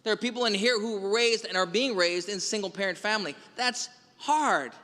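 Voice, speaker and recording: A man's voice: high-pitched, fairly quick, bright, forceful tone. A man, a priest, giving a Sunday homily and retelling film scenes with quoted lines. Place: large church. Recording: long church reverb.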